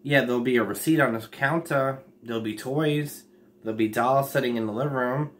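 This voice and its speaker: A man talking bluntly on a casual late-night livestream, rambling and cursing freely, with sudden jumps up in pitch and loudness. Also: fairly quick.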